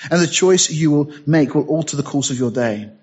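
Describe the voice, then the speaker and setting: A man's voice: on the high side, lively intonation, fairly quick, darkish tone, husky, muffled recording. A man preaching a sermon, reading scripture aloud and rising to emphatic bursts.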